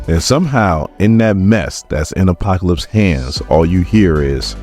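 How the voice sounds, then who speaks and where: Deep-voiced man recapping comics. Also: moderate pace, hardly any pauses, faint music behind. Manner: animated, chatty retelling with lots of "like". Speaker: comic book reviewer.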